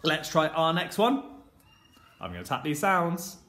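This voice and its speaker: A man teaching a phonics lesson to young children. He sounds out letters slowly and with exaggeration, in an encouraging sing-song teacher voice. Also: on the high side, sing-song, a bit bright. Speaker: primary school teacher. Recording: echoey room with faint background noise.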